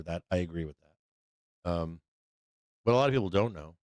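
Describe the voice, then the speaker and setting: A man with a low, smooth voice hosts a live trading stream in a loose, rambling way. He swears freely, and he fills his talk with ums and "you know what I mean." The sound is dry and close, with no room echo. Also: animated, normal speed, long pauses, a little mellow. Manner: rambling, profane, filler-heavy, quotes people in mocking voices. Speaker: livestream trading host. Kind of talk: casual live-stream commentary.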